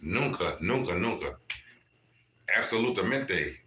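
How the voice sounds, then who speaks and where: A man hosting a casual livestream and giving spiritual readings. He talks straight to his viewers in an animated, profane way. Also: on the low side, unhurried, slight background noise. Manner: animated, profane, addresses chat viewers directly. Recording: echoey room with music playing. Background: music.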